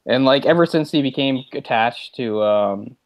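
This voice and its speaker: A man co-hosting a podcast, rambling through a casual movie chat, getting animated and laughing as he retells scenes. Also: medium pitch, normal speed, dry recording. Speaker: podcast co-host.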